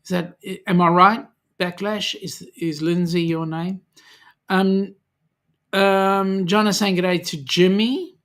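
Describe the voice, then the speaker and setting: A man's voice: high voice, fairly even intonation, a bit bright. An Australian man hosting a casual livestream, reading out viewer comments and greeting each one in a friendly way, with lots of "um"s. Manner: slow, friendly, with many "um"s, greeting viewers by name. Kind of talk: casual live chat.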